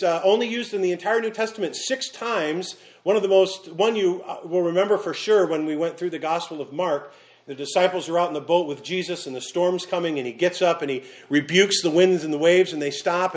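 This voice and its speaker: A man preaching a sermon, earnest, with dramatic pauses and vivid storytelling. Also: high voice. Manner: storytelling with fillers and restarts. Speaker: pastor.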